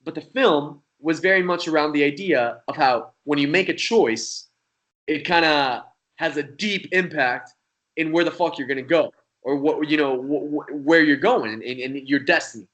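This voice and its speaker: A man's voice: fairly high pitch, moderate pace. A young man, a magician guest, telling a story in a casual, rambling way and swearing freely. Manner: profane, rambling, animated.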